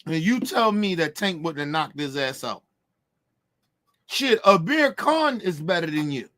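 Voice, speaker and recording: Man, AAVE, high animated voice, brash and profane opinion rant on boxing. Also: measured pace. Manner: brash, profane, mocking, emphatic. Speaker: boxing commentator.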